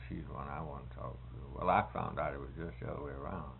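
Older man, very low gravelly voice, slow musing talk, tinny narrow recording, faint hiss. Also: steady tone. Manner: slow, musing storyteller with restarts. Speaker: conversation participant. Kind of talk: casual reminiscing chat.

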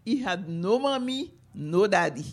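A woman from Haiti telling a folktale to an audience, animated, with repeated chanting phrases. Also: medium pitch, unhurried. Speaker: storyteller, author.

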